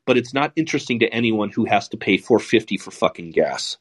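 A man's voice: on the low side, animated, brisk, slightly rough. A man hosting a podcast, talking politics in a casual, sardonic and profane way. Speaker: podcast host.

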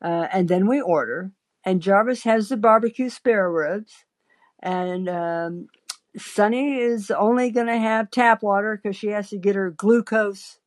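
A woman's voice: mid-range voice, a little slow. A woman hosting a call-in podcast, telling a rambling, anecdotal story full of fillers and restarts. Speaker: podcast host.

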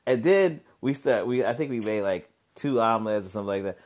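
A man co-hosting a podcast in casual chat, animated and laughing often, slipping into playful voices. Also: fairly low pitch, brisk. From Philadelphia. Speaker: podcast co-host.

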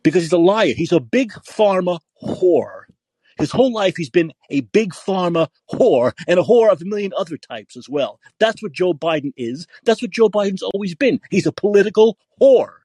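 Angry, foul-mouthed male podcaster on a rant, husky, dry close sound. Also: sits high, expressive, a little fast, few pauses, warm tone, no echo. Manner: angry, profane, repetitive ranting. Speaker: podcast host. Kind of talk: political rant.

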